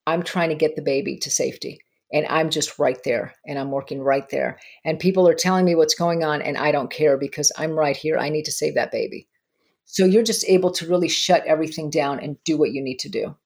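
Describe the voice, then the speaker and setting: A woman therapist telling animated stories in a podcast conversation, laughing often as she talks. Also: low-pitched, fairly quick, breathy edge.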